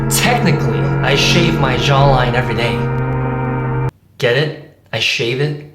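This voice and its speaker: A man's voice: medium pitch, unhurried. A young man vlogging straight to his viewers in a playful, self-teasing, joking way. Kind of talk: casual vlog talking to viewers. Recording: echoey room, mic at a distance, music behind.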